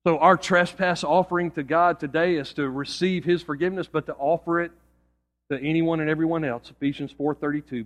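A male pastor preaches a sermon at a moderate pace, earnestly telling an illustration story. He often drops his voice low and quiet for emphasis.

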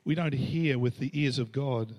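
A man's voice: medium pitch, moderate pace, a little mellow. A middle-aged Australian man preaching a storytelling sermon, acting out the voices he quotes and laughing between lines. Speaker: pastor.

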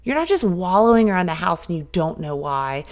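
A woman's voice: on the low side, sing-song, fairly quick. A middle-aged woman hosting a solo motivational podcast, talking candidly and directly as she coaches her listeners. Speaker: podcast host.

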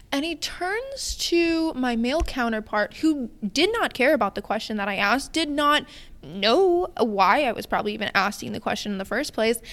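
A young woman in her twenties, a guest on a casual podcast, tells a frustrating story in a lively rant packed with "like" and "you know". Her voice sits high, and she speaks freely and informally. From Wisconsin. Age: 20s. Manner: ranting, animated storytelling with many fillers.

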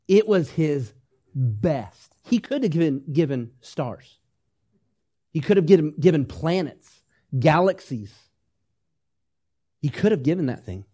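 A man preaching a sermon to his congregation, swinging between loud, urgent emphasis and hushed, tender asides, asking questions and leading them in repeating phrases. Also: mid-range voice. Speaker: pastor.

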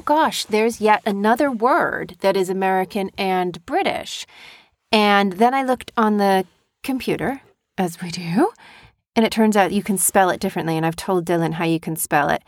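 A woman's voice: lowish voice, no echo, studio quality. A woman casually chatting with her child as host of a small family show, talkative and teasing. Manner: chatty, talks a lot, teasing. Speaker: podcast host and parent.

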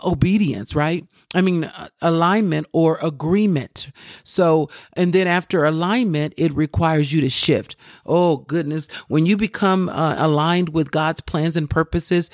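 A woman's voice: low voice, darkish tone, no room sound, clean studio sound. Fervent woman podcast preacher. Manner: exclamatory, repeats phrases, praises aloud. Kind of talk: devotional podcast teaching.

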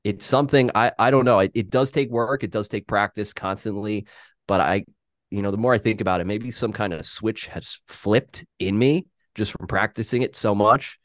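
A man's voice: fairly low pitch, fairly even intonation, normal speed, fairly bright tone, no room sound, studio quality. A man talking candidly on a podcast, self-deprecating and casual, with frequent restarts.

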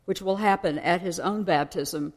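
A woman's voice: lowish voice, moderate pace. A woman preaching a sermon in a conversational way, explaining and asking her listeners questions. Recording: long hall reverb.

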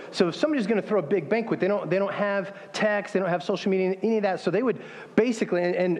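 Guy pastor preaching, kinda high voice, chatty and loose, echo from a big hall. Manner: conversational, restarts often, reads scripture aloud. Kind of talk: sermon. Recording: long hall reverb.

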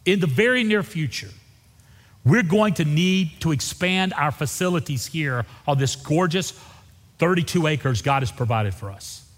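A middle-aged pastor preaching a sermon, moving from folksy storytelling to fervent exhortation. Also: male voice, on the high side, animated, unhurried. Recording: reverberant church hall.

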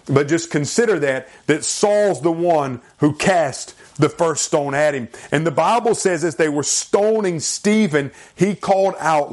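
A man delivering a sermon in an earnest, emphatic preaching manner. His voice sits a little high for a man. He lingers over scripture, reading it with drama. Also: unhurried, hardly any pauses. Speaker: pastor.

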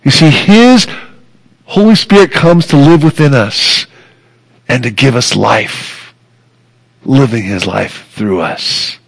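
Slow gravelly-voiced male preacher. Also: mid-range voice, lively intonation, poor audio. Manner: earnest, emphatic preaching with repeated phrases. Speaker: pastor. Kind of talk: sermon.

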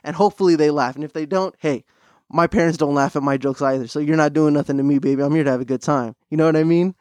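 A man's voice: on the high side, fast talker, no echo. Upbeat young man telling stories. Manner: animated storytelling, full of fillers and restarts. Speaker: podcast host. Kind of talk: casual chat.

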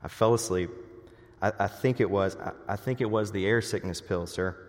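A man voicing a scared young army private who talks in a hesitant, quiet way. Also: on the low side, moderate pace, long reverb tail, close to an everyday voice. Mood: sheepish.

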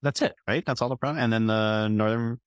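A man's voice: mid-range voice, a little fast, smooth, no echo, studio quality, faint music behind. A man in his thirties co-hosting a podcast, chatting casually with hesitant, rambling trivia. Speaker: podcast co-host. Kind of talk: casual chat.

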